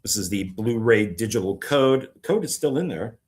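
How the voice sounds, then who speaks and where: A man's voice: on the low side, expressive, normal speed, a little hiss or hum. A man chatting casually on camera about discs he bought, rambling and swearing, now and then mocking critics in a put-on voice. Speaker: filmmaker showing his disc purchases. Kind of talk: casual vlog chat.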